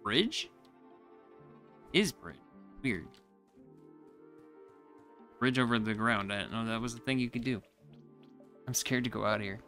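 Excitable man narrating his own gameplay. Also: measured pace, long pauses, faint music behind. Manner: confused, easily frustrated, talks to himself; jumps to high excited exclamations when surprised. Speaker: gaming YouTuber. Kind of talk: casual let's-play commentary.

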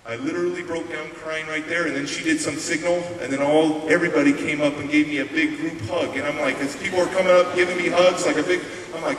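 A man's voice: on the high side, brisk. A middle-aged American man telling a life story in a conversational keynote speech. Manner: animated and conversational. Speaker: motivational speaker. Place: large hall. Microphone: distant room mic. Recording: echoey hall, distant mic, faint hiss.

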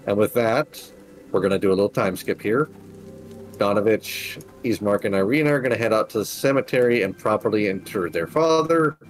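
Low-voiced male game master narrating. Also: lively intonation, fairly quick, soft background music, low-quality recording.

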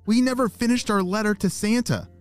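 A man voicing an excited young girl who talks high and quick. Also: faint music behind, close to an everyday voice.

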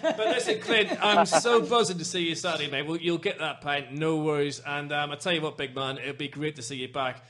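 A man in his forties hosting a podcast, animated and passionate, given to rants. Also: fairly high pitch, fairly quick, hardly any pauses, slight background noise. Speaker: podcast host. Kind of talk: casual chat.

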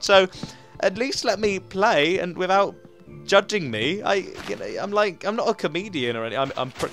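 Soft music plays behind a young English gaming YouTuber whose high-pitched, fairly bright voice moves fairly quickly. In his let's play commentary he chats through the game, narrating his moves, poking fun at himself, and talking to himself.

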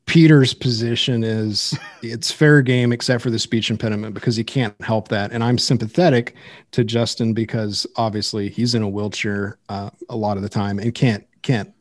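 A man's voice: fairly low pitch, fairly even intonation, normal speed, no room sound, studio quality. A man hosting a podcast in a blunt, sarcastic and combative way, in casual discussion. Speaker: podcast host.

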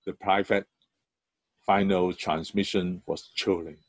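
A male church elder preaching at an unhurried pace, stressing key words with sudden lifts in his voice. The sound is dry and close, with no room reverb. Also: fairly low pitch, darkish tone. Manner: earnest storytelling, emphatic rises. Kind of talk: sermon.

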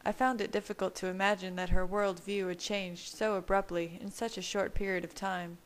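A woman reading a first-person romance story aloud in a steady, intimate manner. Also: medium pitch, fairly quick, hardly any pauses, low-quality recording. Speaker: fan fiction reader. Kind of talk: audiobook narration.

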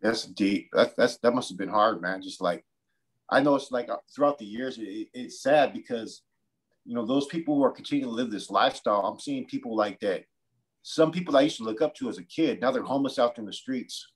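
A man's voice: medium pitch, brisk, rough recording. A man with a mid-range voice interviews his guest in a casual conversation. He speaks candidly and reflectively, weaving in his own experience before he asks his questions.

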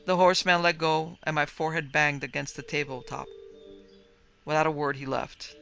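A woman narrating a first-person dark fantasy story with vivid, dramatic delivery. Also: low-pitched, fairly even intonation, normal speed, vocal fry, lo-fi sound, faint music behind. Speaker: narrator and producer.

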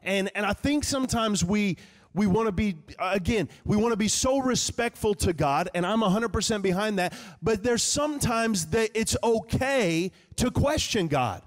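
High-voiced man preaching in a reverberant church. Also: normal speed. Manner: conversational, animated preaching, acts out quoted prayers. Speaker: pastor. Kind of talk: sermon. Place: church sanctuary. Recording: live church hall reverb.

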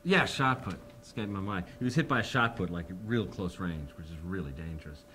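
A man's voice: low-pitched, a little fast. A man in his fifties, interviewed, telling a long story and acting out the people he quotes. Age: 50s. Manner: animated, acts out the people he quotes. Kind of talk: anecdotal storytelling.

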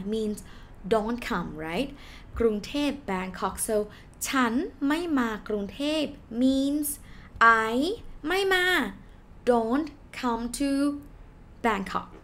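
Patient woman teaching a language lesson. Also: fairly high pitch. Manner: slow, patient explaining with repeated example words.

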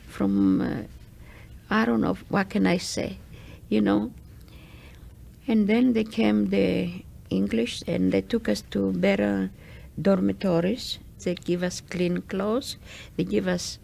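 An older woman speaks slowly and haltingly, pausing to search for her English words. Her voice is gravelly and husky, with a deep rasp in it. It sounds like an archival testimony recording. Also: darkish tone. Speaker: Holocaust survivor giving testimony.

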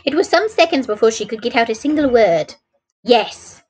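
A woman's voice: a little high, lively intonation, quick pace, a little mellow, breathy edge. A woman reading a detective novel aloud for a live stream audience. She keeps an easy pace and corrects her own small slips as she goes. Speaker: storyteller streamer. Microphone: streaming microphone.

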